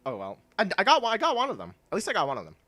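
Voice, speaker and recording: A man's voice: sits high, huge pitch swings, very fast, fairly bright tone. A young man chatting casually while streaming a video game, rambling with lots of fillers and laughing often. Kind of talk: casual gameplay stream chat.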